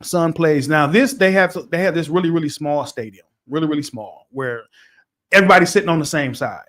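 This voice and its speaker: High-voiced man telling a story. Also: fairly quick. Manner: animated, repetitive, gets loud retelling. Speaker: podcast co-host. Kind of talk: casual storytelling chat.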